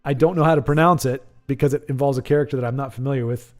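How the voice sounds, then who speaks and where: A man's voice: mid-range voice, steady tone, rapid-fire, faint music behind. A man hosting a live stream in a rambling, chatty way, reading viewer chat aloud and laughing often. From United States. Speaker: stream host.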